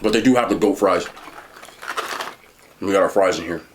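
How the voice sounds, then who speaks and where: A man talking casually while eating and reviewing fast food, chatty and animated, pausing to chew. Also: deep voice, slight background noise.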